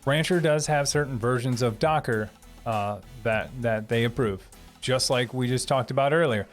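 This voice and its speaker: A man's voice: mid-range voice, normal speed, faint music behind. A man casually answering viewer questions on a livestream, thinking aloud and laughing easily. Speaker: streamer answering live chat.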